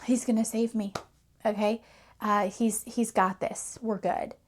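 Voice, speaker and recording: A woman's voice: medium pitch, steady tone, measured pace, slight background noise, close to an everyday voice. A woman voicing a stubborn stranded man who cheerfully brushes off rescuers and insists he is fine. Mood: breezy refusal.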